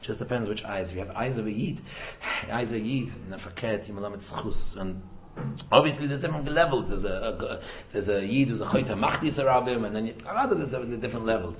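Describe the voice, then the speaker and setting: Fast-talking man teaching, tinny echoey sound. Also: lowish voice, noisy background. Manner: fast, repeats words and restarts, mixes in Hebrew and Yiddish terms. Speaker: rabbi teaching a Torah talk. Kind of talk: informal Torah lesson. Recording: tinny phone-like echoey room recording.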